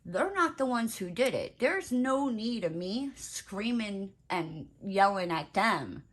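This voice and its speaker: A woman's voice: mid-range voice, big pitch swings, slow. A woman vlogger chatting casually while she crafts, telling a story in a blunt, profane way, full of "like" and asides.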